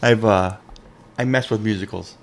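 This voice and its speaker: A man co-hosting a podcast, telling a funny personal story in casual chat, animated and laughing often at himself. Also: on the low side, moderate pace. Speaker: podcast co-host.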